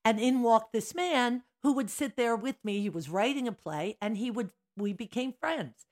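A woman's voice: a little high, moderate pace. An older woman, a dance studio owner, telling stories in a casual chat and acting out the scenes. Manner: animated, acts out scenes with big gestures. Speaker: guest, mother of the hosts.

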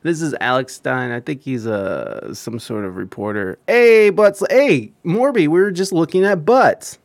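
A man with a gravelly, creaky voice rants loosely while reacting to clips. He swears freely and laughs along. The sound is close and dry. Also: fairly high pitch, expressive, a little slow, no echo. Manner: crude, profane and rambling, laughing often. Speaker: streamer host. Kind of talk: casual reaction chat.

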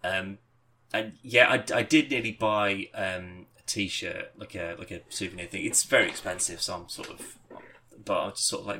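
A man, a podcast co-host, chatting casually and telling a rambling, animated story with swearing and laughter. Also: low-pitched, moderate pace, a little hiss or hum. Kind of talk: casual chat.

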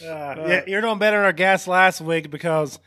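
Wry male co-host from West Virginia, slightly high voice. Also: moderate pace, pushed and bright. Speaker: podcast co-host. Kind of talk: casual sports talk.

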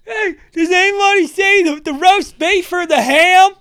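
Man putting on a shrill lost woman shopper. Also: unhurried, a bit bright, no room sound, clean studio sound, exaggerated voice. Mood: flustered. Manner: shrill, calling out across a store. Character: loud lost middle-aged woman shopper.

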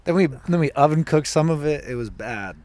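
A man co-hosting a podcast, telling an animated story in casual chat with lots of swearing. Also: fairly high pitch, fairly quick. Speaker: podcast co-host.

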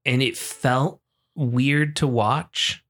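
A man's voice: mid-range voice, fairly even intonation, very slow, a bit bright. An American man co-hosting a podcast, talking casually and loosely, with some swearing. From United States. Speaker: podcast co-host. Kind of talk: casual chat.

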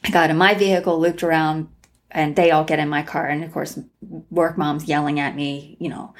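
Podcast guest: woman with a low, gravelly voice, rambling through a story. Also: unhurried. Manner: rambling, many restarts and fillers. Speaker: guest, tarot reader and former crime analyst. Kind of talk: casual storytelling interview.

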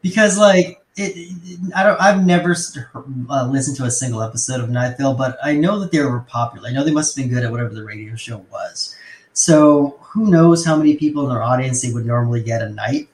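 A man's voice: medium pitch, a little fast. Incredulous man in a roomy echo. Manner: animated, incredulous riffing with profanity. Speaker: guest. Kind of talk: casual podcast chat.

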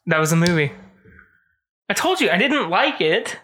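A podcast co-host walks through a film's story in loose, rambling chat, scattered with fillers and short character voices. The tone is bright and clear. The pitch sits at a middle level. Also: big pitch swings, moderate pace. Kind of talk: casual chat, retelling a movie plot.

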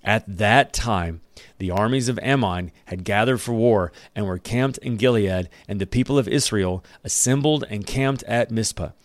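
A man's voice: fairly low pitch, moderate pace, no room sound. A man giving a casual Bible lesson, reading verses aloud and breaking in with joking, conversational asides. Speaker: Bible study teacher.

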